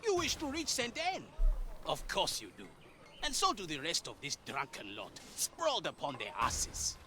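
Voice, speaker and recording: An actor playing a scornful, menacing pirate captain in a game, theatrical and contemptuous. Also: male voice, huge pitch swings, moderate pace, bright, forceful tone, a little hiss or hum, exaggerated voice. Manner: theatrical, contemptuous, booming insults.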